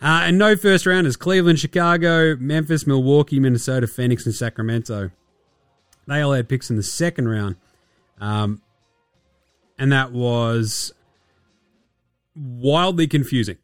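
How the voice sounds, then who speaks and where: Sarcastic Australian podcast host. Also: male voice, medium pitch, smooth, no room sound, clean studio sound, soft background music. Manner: sarcastic, profane, mimics players in quick asides. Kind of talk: casual basketball chat.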